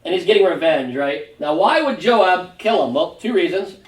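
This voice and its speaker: Pastor, man, casual animated Bible teacher; mic set far back in an echoey room. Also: sits high, moderate pace. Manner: conversational, animated retelling. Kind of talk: Sunday school Bible teaching. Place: church classroom. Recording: roomy room, distant mic.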